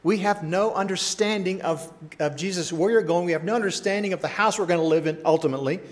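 Guy preaching a sermon, kinda high voice, chatty and animated, asks the crowd stuff. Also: fast. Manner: animated, conversational preaching with rhetorical questions. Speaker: pastor.

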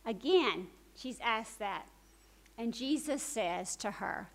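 Animated woman preaching a storytelling sermon. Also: on the high side, takes it slowly, low-quality recording. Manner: animated retelling that swings from urgent to hushed.

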